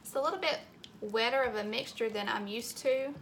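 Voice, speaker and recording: A woman's voice: fairly high pitch, brisk, creaky, fairly bright tone, a little hiss or hum. A woman hosting a cooking channel, talking through a recipe in a plainspoken, matter-of-fact way. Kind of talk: casual recipe demonstration.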